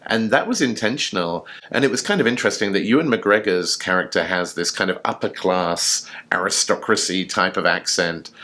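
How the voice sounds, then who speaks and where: A man's voice: low voice, normal speed, few pauses, bright, forceful tone. A man co-hosting a casual chat show, telling a story in an enthusiastic, chatty way with fillers. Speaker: podcast co-host.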